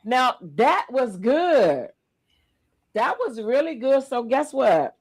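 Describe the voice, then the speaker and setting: A woman hosting a casual livestream podcast, lively and emotional, teary-eyed as she talks. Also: a little high, takes it slowly, breathy edge. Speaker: podcast host.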